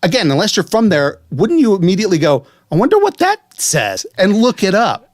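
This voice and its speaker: A man's voice: high-pitched, wildly swooping pitch, fairly quick, dry recording. Chatty man from West Virginia, dry mic. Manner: chatty, amused, spells words out letter by letter. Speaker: podcast co-host. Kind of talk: casual chat.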